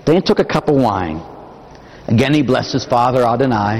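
A man, a Catholic priest, preaching a dramatic sermon, swinging between loud emphatic passages and hushed, drawn-out phrases. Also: medium pitch, animated. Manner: dramatic, impassioned preaching with sudden swells to shouting and drops to near-whisper. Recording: long hall reverb.

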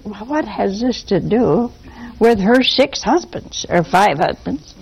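A woman preaching a sermon, animated and throwing rhetorical questions at her listeners. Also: medium pitch, slow pace, gravelly, breathy edge, low-quality recording.

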